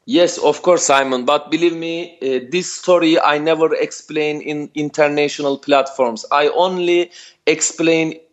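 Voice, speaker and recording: A man who is not a native English speaker, telling an emotional personal story as a podcast guest in halting English. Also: a little high, fairly even intonation.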